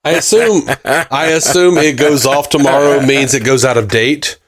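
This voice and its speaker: A man's voice: mid-range voice, normal speed, over a noisy crowd. A man co-hosting a podcast in casual chat, laid-back and jokey with a drawling delivery. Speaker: podcast co-host.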